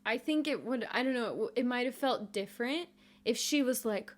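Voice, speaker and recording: A woman co-hosts a podcast in an easy, conversational way. She thinks out loud and softens her points with hedges and fillers. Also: on the high side, brisk. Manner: thoughtful, hedging, many fillers. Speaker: podcast co-host. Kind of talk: casual chat recapping a TV episode.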